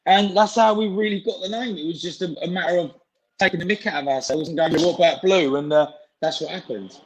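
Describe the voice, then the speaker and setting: A man in his forties talks casually, his voice sitting a touch high. He rambles through stories with plenty of fillers and restarts, speaking over a video call. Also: brisk, low-quality recording. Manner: chatty, informal, frequent fillers and restarts. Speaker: interview guest, singer and actor. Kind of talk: casual chat.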